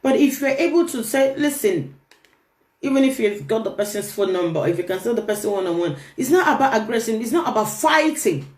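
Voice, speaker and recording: A woman's voice: a little high, animated, a little fast, darkish tone. A woman hosting a relationship talk, speaking earnestly and emphatically, often repeating her key phrases. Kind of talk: earnest motivational talk to camera. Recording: roomy echo.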